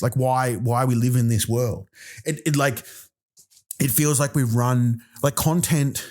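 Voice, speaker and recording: Male comic, profane rambling monologue, mid-range voice. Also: medium pitch. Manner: exasperated, profane, animated rants. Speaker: comedian podcast host.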